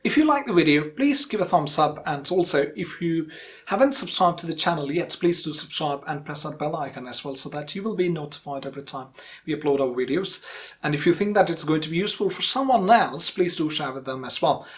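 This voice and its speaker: Woman teaching English pronunciation, slow and deliberate. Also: low-pitched, expressive. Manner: clear, deliberate, repeats example words slowly. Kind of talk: online pronunciation lesson.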